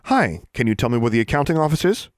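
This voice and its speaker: A man's voice: medium pitch, sing-song, fast, dry recording, studio quality, pitched above the performer's own voice, lightly acted. A man voicing a brash, ruthless young witch who speaks curtly and sardonically. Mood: cool. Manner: curt, sardonic.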